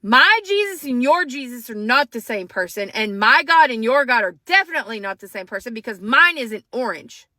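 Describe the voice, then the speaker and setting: A woman's voice: fairly high pitch, lively intonation, normal speed, few pauses, pushed and bright, dry recording. A woman ranting angrily to the camera, upset and shaking, profane and emphatic. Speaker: social media commentator. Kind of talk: angry rant to camera.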